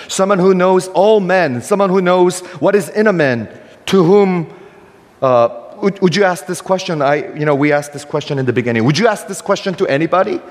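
A man's voice: a little high, long reverb tail. An older man preaching a sermon as a pastor, emphatic and questioning, often checking in with the listeners.

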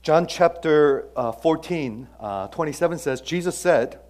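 Pastor preaching with dramatic loud-soft swings. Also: male voice, a little high, unhurried. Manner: animated, swings between loud emphasis and quiet asides; asks the audience questions, frequent "okay?". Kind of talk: sermon.

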